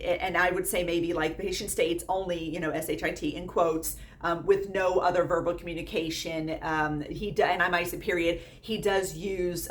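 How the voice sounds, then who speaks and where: A woman's voice: on the low side, a little hiss or hum. A woman in her thirties teaching nursing students in a casual, blunt way. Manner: blunt, lively, quotes students in put-on voices. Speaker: nursing instructor.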